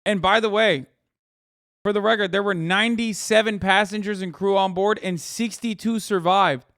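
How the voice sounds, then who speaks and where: A man streaming reaction commentary, talking in a profane, animated and mocking way. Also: sits high, moderate pace, no room sound, studio quality.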